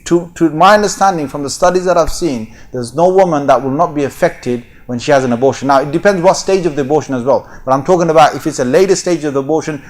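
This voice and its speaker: Emphatic male lecturer with a higher voice. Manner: emphatic, rhetorical questions to the audience. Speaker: Islamic lecturer. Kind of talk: religious lecture.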